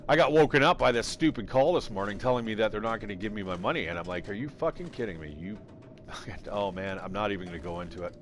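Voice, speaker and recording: Male streamer, low voice, loose rambling commentary with frequent swearing. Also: rapid-fire, few pauses, slight background noise. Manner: rambling, swears freely, thinks aloud. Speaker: game streamer. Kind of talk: casual live-stream commentary.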